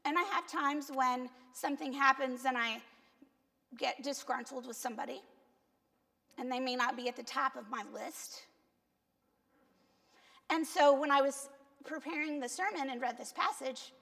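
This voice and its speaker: A woman's voice: high voice, normal speed, gravelly, long pauses, a bit bright. A woman pastor with a Cuban accent giving a conversational sermon, asking the congregation questions and poking fun at herself. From Cuba. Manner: conversational, self-deprecating, asks the congregation. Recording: church hall reverb.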